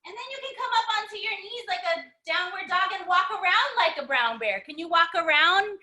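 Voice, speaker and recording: A woman's voice: very high voice, lively intonation, brisk, sharp tone. A young woman teaching a story-time yoga class for children in an encouraging, sing-song way, recorded on her computer's microphone. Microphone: computer mic.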